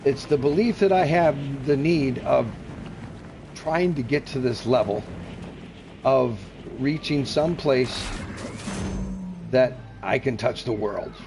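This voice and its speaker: A man's voice: medium pitch, slow, long pauses, background noise. An older man, a self-described grandpa, chatting in a folksy, rambling, earnest way on a gaming live stream, now and then slipping into radio-announcer patter.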